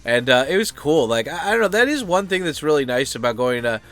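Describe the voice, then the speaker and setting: A man's voice: on the high side, lively intonation, fast, a bit bright, soft background music. An American man chatting loosely and off-topic, full of fillers, swearing and asides. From United States. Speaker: vlogger. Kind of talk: rambling casual chat.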